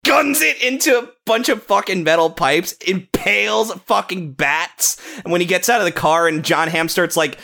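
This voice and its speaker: Excitable young man ranting about movies. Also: sits high, normal speed, vocal fry, hardly any pauses. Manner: excited, swearing, full of restarts. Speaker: podcast co-host. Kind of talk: casual movie-review chat.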